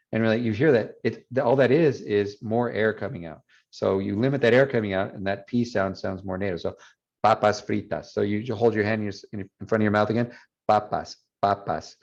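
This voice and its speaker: A man's voice: fairly low pitch, darkish tone. A man teaching a Spanish class online, explaining patiently and mixing English with Spanish. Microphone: video call. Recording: dull lo-fi video call audio.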